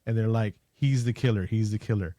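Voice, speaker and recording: A man co-hosting a podcast, casually recapping a movie plot with jokes and quick acted-out lines. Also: fairly low pitch, dark tone, no room sound. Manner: jokey, acts out scenes in quick voices. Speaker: podcast co-host.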